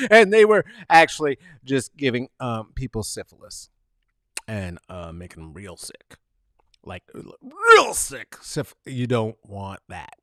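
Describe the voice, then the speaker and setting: A man hosting a podcast in casual chat, rambling and halting with fillers and restarts. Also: medium pitch, a bit bright, no echo, studio quality. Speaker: podcast host.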